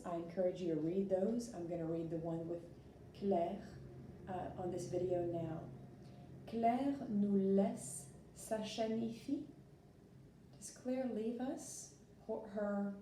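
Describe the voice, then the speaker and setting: A woman walks students through a lesson, patient and full of little fillers. Her voice is dark and mellow. She sits back from the mic in a very echoey room with a faint hiss underneath. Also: fairly low pitch, far from the mic. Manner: patient, explains step by step with fillers. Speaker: French teacher. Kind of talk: recorded classroom lesson.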